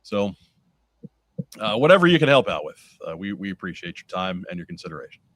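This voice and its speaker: A man hosting a podcast, reading announcements in a casual, halting way with many fillers. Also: sits low, big pitch swings, a bit bright, dry recording. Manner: conversational, hesitant with frequent "uh". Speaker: podcast host.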